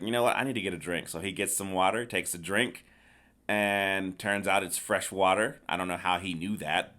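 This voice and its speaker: A man's voice: on the low side, bright, forceful tone. A middle-aged man hosting a casual podcast, recapping a film in a rambling, hesitant way with lots of restarts. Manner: rambling, hesitant, acts out characters' lines. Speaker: podcast host. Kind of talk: casual movie review chat.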